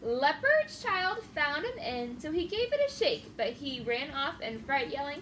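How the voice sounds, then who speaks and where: Very high-voiced woman reading a storybook. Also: measured pace, few pauses, recorded from a distance, slight background noise. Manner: expressive, rhyming singsong. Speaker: children's story reader. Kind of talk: children's picture-book read-aloud.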